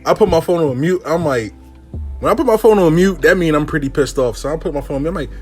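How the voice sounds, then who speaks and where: A man telling a comic personal story in a blunt, profane, animated way. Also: a little high, quick pace, husky, soft background music.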